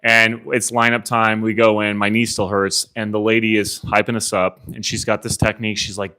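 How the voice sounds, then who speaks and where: A man coaching a room of agents live, telling an animated story of his own race, acting out his inner thoughts and swearing casually. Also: fairly low pitch, normal speed, hardly any pauses, clean tone. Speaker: CEO coaching real estate agents. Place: meeting room with a live audience.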